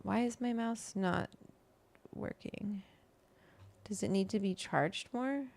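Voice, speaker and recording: Gravelly-voiced woman hosting a casual chat. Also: mid-range voice, slow pace. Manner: reads quotes aloud, chatty and relaxed. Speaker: host.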